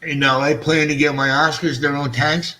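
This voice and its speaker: A man's voice: a little high, little pitch movement, normal speed, pushed and bright. A middle-aged man hosting a casual fish-keeping livestream, rambling and self-mocking, swearing freely, his speech shaped by missing front teeth. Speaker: fish-keeping channel host.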